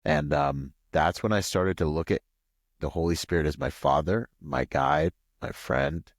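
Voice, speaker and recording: A man from Washington State, a podcast guest, telling a long personal story in a rambling, animated way full of "like" and "you know.". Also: measured pace, dry recording, studio quality. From Washington State, USA. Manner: acts out quoted voices with pitch jumps. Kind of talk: casual storytelling interview.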